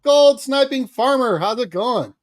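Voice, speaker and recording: A man's voice: very high voice, animated, measured pace. A man co-hosting a casual livestream chat, cheerfully greeting viewers by name. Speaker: livestream co-host.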